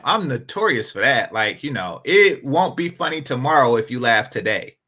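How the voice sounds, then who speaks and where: A man giving casual commentary, an animated storyteller who swears freely. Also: medium pitch, normal speed, breathy edge. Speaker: panel commentator.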